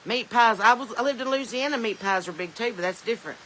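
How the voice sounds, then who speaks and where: A woman's voice: on the high side, fast talker, bright, forceful tone, slight background noise, rough recording. A woman with a Southern US accent hosting a casual live stream from her phone, rambling, laughing often and reading viewer comments aloud. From Southern United States. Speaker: podcast host. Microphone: smartphone.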